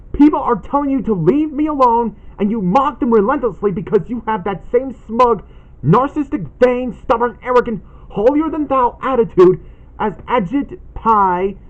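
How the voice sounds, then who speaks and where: An indignant man hosts a ranting callout vlog and reads posts aloud in an accusatory tone. His voice is high and swings widely in pitch. The recording sounds dull and lo-fi. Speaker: channel host making a callout video.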